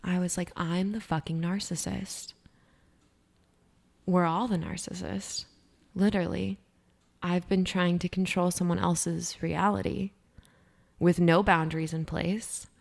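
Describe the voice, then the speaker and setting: A young woman speaks in a low, gravelly voice. She is co-hosting a podcast in casual chat. She talks candidly and with emphasis, swearing freely as she goes. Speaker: podcast co-host.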